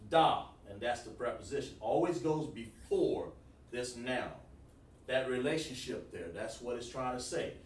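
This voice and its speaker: A man teaching a casual class at a whiteboard, talking in a relaxed, folksy way and often repeating himself as he addresses students directly. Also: mid-range voice, a little slow, a little hiss or hum. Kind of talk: casual classroom lesson streamed online. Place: room with a whiteboard. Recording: echoey room, speaker far from mic.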